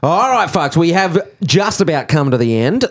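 An Australian man hosts the podcast in a genial, slightly formal way. His voice sits a bit high and moves around a lot in pitch. He sounds comfortable running the show. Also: big pitch swings, moderate pace. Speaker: podcast host. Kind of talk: hosting a comedy podcast.

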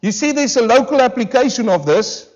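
A pastor preaching a sermon to a church congregation, emphatic and full of rhetorical questions, slowing down hard on key words. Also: male voice, very high voice, lively intonation, highs cut off. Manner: emphatic, with rhetorical questions and slowed, drawn-out stresses. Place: church service.

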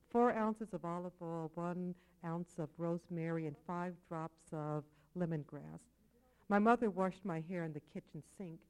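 A woman reads her poetry aloud at a live reading, her voice sitting fairly low. She keeps a measured pace and drops some phrases to a quiet aside. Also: low-quality recording. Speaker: poet. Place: poetry venue with audience.

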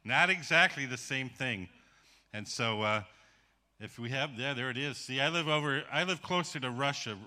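A man's voice: mid-range voice, normal speed, sharp tone. A man missionary preaching in a folksy, casual way and often saying "man.". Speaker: missionary guest speaker. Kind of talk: sermon.

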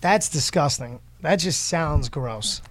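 A man's voice: fairly high pitch, lively intonation, takes it slowly, noisy background. A man hosting a casual podcast chat, teasing and joking with his guests. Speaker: podcast host.

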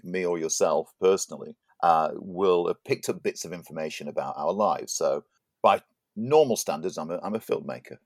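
Chatty man, very deep voice. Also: a little mellow, no echo, studio quality. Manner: chatty, laughs often, stumbles and repeats words. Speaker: podcast co-host. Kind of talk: casual chat.

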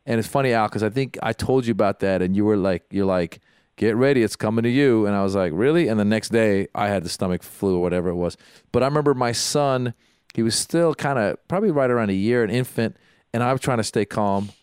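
Brief: excitable co-host, low smooth voice, dry close mic. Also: male voice, dry recording. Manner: excitable, rushes into stories. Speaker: podcast co-host. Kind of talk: casual chat.

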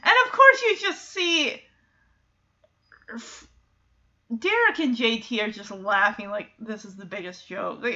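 Animated high-voiced woman recapping a TV episode. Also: a little slow, long pauses, lo-fi sound. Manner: animated, acts out quoted lines with laughs.

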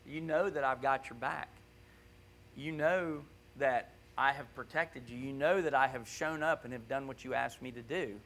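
A man preaching a conversational sermon in a church, animated and often checking in with his listeners. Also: mid-range voice, moderate pace. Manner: animated, keeps asking "right?".

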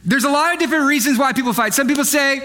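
A young male pastor delivering a comedic sermon, his voice pitched very high and bright. He jokes and teases the congregation with animated, playful asides, speaking in a church sanctuary before a live audience. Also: rapid-fire.

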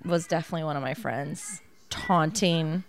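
A woman's voice: low-pitched, expressive, moderate pace. A woman co-hosting a podcast in casual chat; she talks bluntly, swears freely and acts out quoted lines. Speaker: podcast co-host. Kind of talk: casual chat while watching a film.

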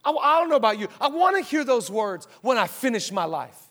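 A male pastor preaching an energetic sermon, telling stories and rousing the congregation with call-outs. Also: extremely high pitch, a little fast. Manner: animated storytelling, rousing the church with call-outs. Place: church auditorium.

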